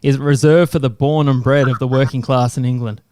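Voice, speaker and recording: An Australian man with a smooth, resonant voice, interviewing a guest in a relaxed, chummy way. The sound is dry and close, with no room around him. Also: medium pitch, fairly quick, dry recording. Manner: chummy, keeps saying "mate". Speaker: podcast co-host. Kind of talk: casual interview chat.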